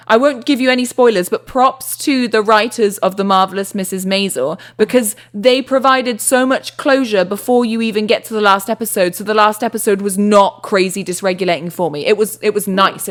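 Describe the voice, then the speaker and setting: Chatty British woman on a podcast. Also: mid-range voice. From England, near Bristol. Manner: chatty, wanders into tangents. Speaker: podcast co-host. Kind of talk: casual chat.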